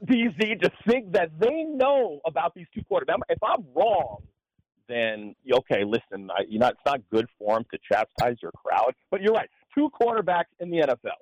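A man co-hosting a talk radio show, giving animated, opinionated analysis of sports and politics. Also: on the high side, moderate pace, no echo, muffled recording.

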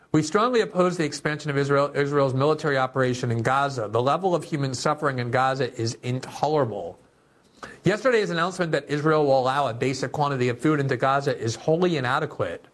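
Sarcastic male political commentator. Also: mid-range voice. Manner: sarcastic, indignant, reads quotes aloud. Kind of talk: opinionated commentary on news clips.

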